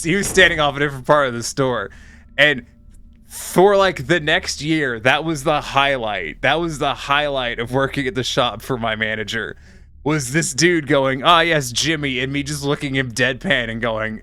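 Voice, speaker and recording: A young man streaming a puzzle game, telling a rambling story with casual swearing and deadpan punchlines. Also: medium pitch, normal speed. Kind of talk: casual live-stream chat while playing.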